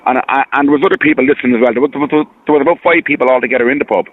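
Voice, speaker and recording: An Irish man speaks fast over a tinny phone line. He rambles, repeats himself and sounds earnest and hurt. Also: mid-range voice. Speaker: caller. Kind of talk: phone-in radio call.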